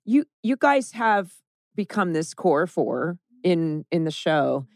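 Lowish woman recapping a tv episode, chatty, laughs a lot, dry sound. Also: very animated, slow, no room sound. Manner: chatty, laughs often, acts out lines in quotes. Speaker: podcast co-host. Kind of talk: casual chat recapping an episode.

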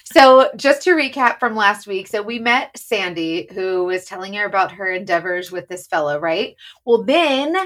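A woman co-hosting a podcast in bubbly casual chat, often laughing between quick asides. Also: medium pitch, expressive, a bit bright. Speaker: podcast co-host.

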